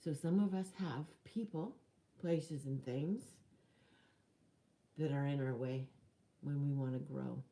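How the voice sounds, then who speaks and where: A woman's voice: low-pitched, steady tone, slow, long pauses, dark tone. A woman giving a chatty, earnest motivational talk to camera, with laughs and dramatic whispered lines. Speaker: spiritual life coach.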